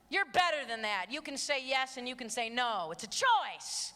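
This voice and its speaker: Bright, high-voiced woman speaker in a hall. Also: very animated, moderate pace, few pauses. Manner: impassioned and emphatic, shifting between loud and hushed. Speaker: youth abstinence speaker. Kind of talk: motivational talk to teens. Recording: long hall reverb, faint audience.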